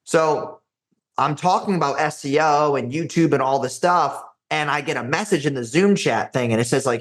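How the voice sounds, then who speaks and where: A man's voice: mid-range voice, lively intonation, moderate pace. A young man in his twenties, a guest on a podcast, telling stories in a brash, casual way, full of profanity and "dude" and "like". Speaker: podcast guest, agency founder. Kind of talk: casual storytelling interview.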